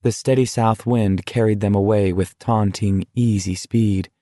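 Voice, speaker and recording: Reading an audiobook script, a man with a fairly low pitch keeps his storytelling steady and measured. The sound is clean studio audio with no room sound.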